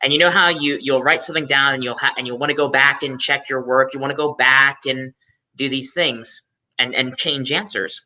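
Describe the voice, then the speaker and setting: A man's voice: medium pitch, steady tone, moderate pace, sharp tone, rough recording. A man on a video call telling a story to make a point, hesitant, with many ums and restarts. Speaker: panelist. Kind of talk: casual chat.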